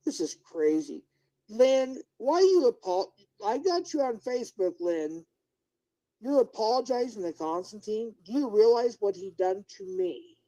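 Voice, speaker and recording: A man's voice: high-pitched, lively intonation, unhurried, mellow, poor audio. A middle-aged man live-streaming as a YouTuber, ranting indignantly and talking straight to his viewers and chat. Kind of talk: unscripted livestream rant.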